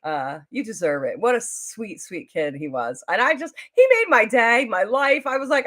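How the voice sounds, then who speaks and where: A woman's voice: on the high side, big pitch swings, normal speed, few pauses, a bit bright. A middle-aged woman telling a long story on her live stream, rambling and chatty, with lots of fillers and restarts. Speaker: YouTuber hosting a live stream.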